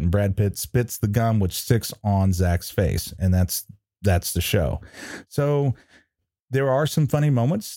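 A man's voice: mid-range voice, warm tone, no room sound, clean studio sound. A man co-hosting a podcast, talking casually with a rambling, hesitant manner full of fillers and restarts. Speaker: podcast co-host. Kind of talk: casual chat.

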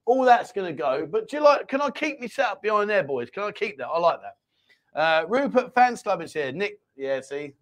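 A man's voice: high voice, big pitch swings, normal speed. A man hosting a casual live-stream chat show from a small home studio, jokey and rambling as he reads out viewer comments. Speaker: host.

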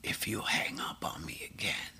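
A man impersonating a gruff older jazz trumpeter in a hoarse, menacing whisper. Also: moderate pace, pushed and bright. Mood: threatening.

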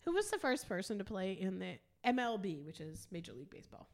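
A woman's voice: medium pitch, very animated, fast talker, vocal fry. A woman co-hosting a podcast in casual chat, playful and tipsy, bantering and laughing often. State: tipsy from drinking. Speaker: podcast co-host.

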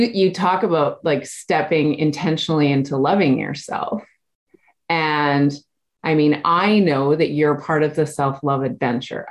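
A woman hosting a podcast interview and talking with a coach's candour. Her voice sits a little low. She swears easily and keeps checking in with "right?". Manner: candid, swears freely, many "like" and "right?". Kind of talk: casual interview.

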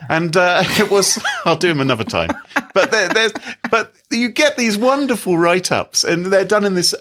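A man's voice: high voice, animated, normal speed, a bit bright. A man co-hosting a podcast, chatting in an amused way with frequent laughing asides. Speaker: podcast co-host. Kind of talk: casual chat.

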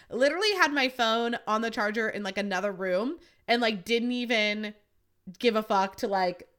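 Bright, chatty young woman podcast host. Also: mid-range voice. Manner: chatty, swears freely, acts out quotes in a raised voice. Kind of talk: casual chat.

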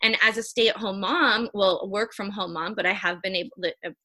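A woman, likely in her thirties, talking animatedly and earnestly as a guest in a casual interview. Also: brisk. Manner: high-energy, animated, earnest. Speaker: human design reader, podcast guest.

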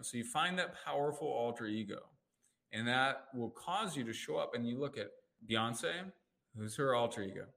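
Animated man coaching in conversation. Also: normal speed, gravelly. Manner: animated, acts out quoted inner voices with jumps in pitch. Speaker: life coach and NLP practitioner. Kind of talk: casual conversational interview.

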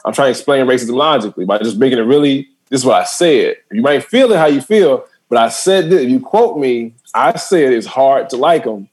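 This male comedian has a mid-range voice and speaks a little fast with few pauses. As a podcast guest in casual chat, he spins lively stories, breaks into frequent laughter and performs the lines he quotes.

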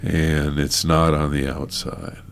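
A man speaks earnestly in a casual conversation about teaching and counseling, halting often with many fillers. His voice is a low rumble with a level tone.

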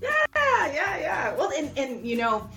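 Bright, forceful, excitable woman host; bouncy and quick to laugh. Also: high-pitched, faint music behind. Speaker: podcast host. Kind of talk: enthusiastic interview chat.

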